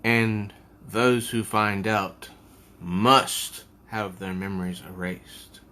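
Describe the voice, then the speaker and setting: A man voicing a mysterious male magician who speaks urgently and, at times, gravely and ominously. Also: medium pitch, slow, sharp tone.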